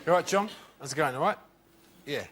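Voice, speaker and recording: A comedian putting on a breezy, chummy passer-by making quick small talk. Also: medium pitch, lively intonation, a loud crowd, heavy background noise, natural voice.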